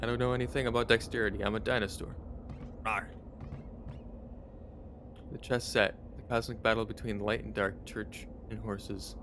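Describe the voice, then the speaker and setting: A man's voice: on the low side, flat delivery, fairly quick, hardly any pauses, background noise. A man streaming a game, playfully reading out its narration and his typed commands. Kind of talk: reading a text adventure aloud.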